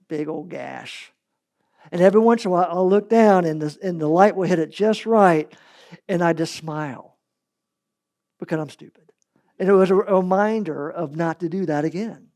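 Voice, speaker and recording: Male preacher, sermon delivery, animated storyteller, dynamic loud-to-soft swings. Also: fairly high pitch, moderate pace. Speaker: pastor.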